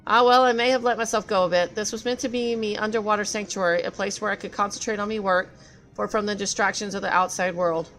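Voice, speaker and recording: A woman reading game dialogue aloud as a gruff, self-loathing male craftsman who grumbles and curses in a rough dialect. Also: medium pitch, fairly even intonation, quick pace, fairly bright tone, faint music behind, lightly acted. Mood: grumbling.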